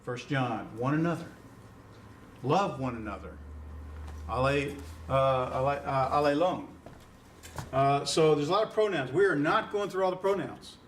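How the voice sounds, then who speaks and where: As a Greek instructor, this man lectures casually, filling his explanations with fillers and quizzing his students along the way. He has a slightly high voice and a moderate pace, recorded from a distance with a little background noise.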